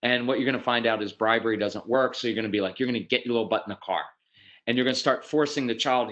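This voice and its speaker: A man's voice: mid-range voice, quick pace, a bit bright, poor audio. Man giving parenting advice on a video call. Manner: conversational, often eyes closed, acts out child and parent voices. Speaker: parenting speaker. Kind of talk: parenting talk over online video call.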